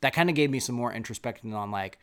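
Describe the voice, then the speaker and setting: A man's voice: medium pitch, animated, fast talker, a bit bright. A man on a casual faith podcast, speaking in a laid-back, reflective way.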